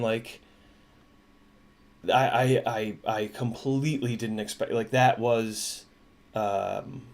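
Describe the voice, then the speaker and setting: Male streamer, casual livestream chat, halting, emotional, mid-pitched voice. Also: a little mellow. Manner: halting, emotional, many restarts and fillers. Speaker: livestream host.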